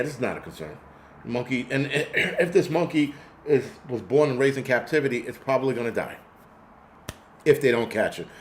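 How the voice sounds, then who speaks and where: A man's voice: mid-range voice, a little hiss or hum. Profane rambling male livestream host. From United States. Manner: rambling, profane storytelling, answers chat comments. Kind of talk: casual livestream chat.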